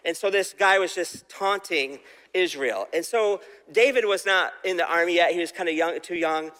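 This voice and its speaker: A man's voice: high voice, moderate pace, bright, forceful tone, in a large hall. A man giving a casual, conversational sermon, retelling a Bible story and asking the audience questions. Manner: conversational, asks the audience questions, acts out quoted voices. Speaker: preacher.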